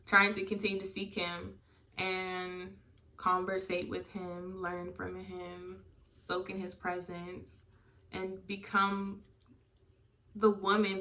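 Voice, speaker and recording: A young woman hosting a podcast, talking earnestly and candidly about her faith, with lots of likes and you knows. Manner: earnest and heartfelt, drifting from bursts to soft low lines. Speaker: podcast host. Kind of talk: candid faith-based personal talk.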